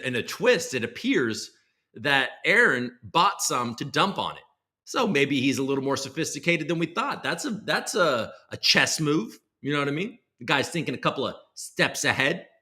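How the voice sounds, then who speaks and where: Bright-voiced rambling male livestream host. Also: a little high. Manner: rambling, sarcastic, self-mocking asides; swings from loud bursts to muttering. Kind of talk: casual livestream chat.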